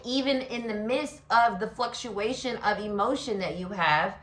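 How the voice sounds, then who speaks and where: A woman gives a solo tarot reading in a bright, forward voice. She talks freely with plenty of fillers and slips into acted-out inner voices. The recording carries a noticeable echo from the room. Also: fairly high pitch. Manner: expressive, many fillers, acts out inner voices. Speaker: tarot reader and astrology host.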